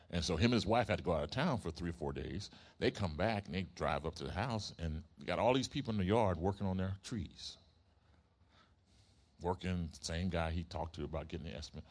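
A man preaching a sermon, telling a story in an animated way and asking his congregation questions. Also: low voice. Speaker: pastor.

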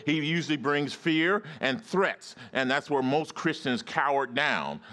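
Emphatic male preacher with a lively voice. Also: on the high side, measured pace. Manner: emphatic, call-and-response with the congregation. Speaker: pastor. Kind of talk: sermon.

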